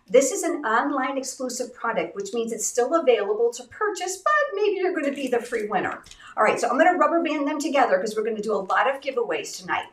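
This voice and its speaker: A woman hosting a live craft stream, talking straight to her viewers in an upbeat, chatty way. Her voice sits a little high and sounds congested and slightly raspy. She is a bit far from the mic in an echoey room. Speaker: craft livestream host. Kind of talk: live-stream product giveaway chat.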